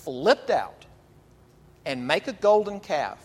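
A male pastor delivering an animated, emphatic sermon, drawing out key phrases. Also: a little high, slow pace. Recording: long reverb of a large hall.

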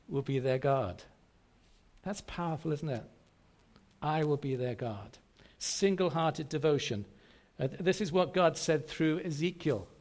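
A man's voice: fairly high pitch, vocal fry. A man preaching a sermon to a congregation, emphatic and repetitive, often asking rhetorical questions. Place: church service.

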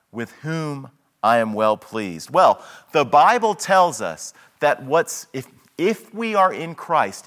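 Male preacher giving a sermon, slow and measured, voice rises and falls a lot, earnest. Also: medium pitch, a bit bright. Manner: earnest, teaching, restarts and repeats words.

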